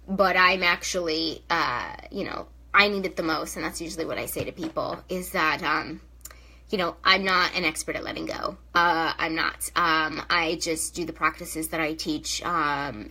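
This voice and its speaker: A woman's voice: low-pitched, fairly even intonation, moderate pace, bright, forceful tone, poor audio. A young woman, a spiritual coach, talking casually to viewers on a live stream, with many fillers and "right?" tags.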